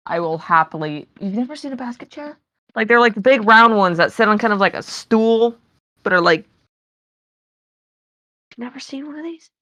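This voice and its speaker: A woman's voice: fairly high pitch, animated, moderate pace, long pauses, sharp tone, dry recording. A woman chatting casually on a live game stream, rambling with lots of fillers and casual swearing. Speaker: tabletop game player.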